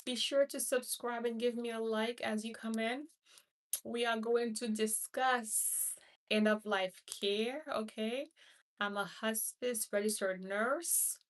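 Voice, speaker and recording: A woman's voice: on the high side, fairly even intonation, slow, recorded from a distance. A woman from Haiti, a hospice nurse, hosting a casual live stream who rambles, repeats herself and greets viewers by name. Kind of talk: casual livestream chat.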